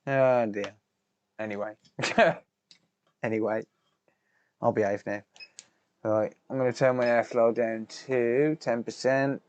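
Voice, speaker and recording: A man's voice: medium pitch, fairly even intonation, slow, long pauses, dull audio, a little hiss or hum. A man, chatting casually with viewers while doing repair work, swearing under his breath and bantering. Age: 30s. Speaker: repair streamer. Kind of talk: casual live-stream chat while soldering.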